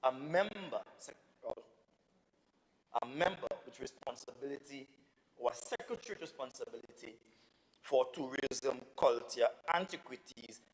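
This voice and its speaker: A man's voice: medium pitch, animated, measured pace. Indignant Tobagonian assemblyman in echoing chamber. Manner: indignant, emphatic, repetitive. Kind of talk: parliamentary debate.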